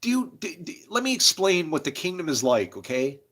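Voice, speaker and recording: A man's voice: fairly high pitch, sing-song, a little fast, fairly bright tone. A man hosting a livestream, rambling in a profane, confessional way about faith and his struggles, and talking to viewers in chat. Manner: talks to chat viewers by name; religious musing. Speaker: livestream host. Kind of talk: casual livestream monologue.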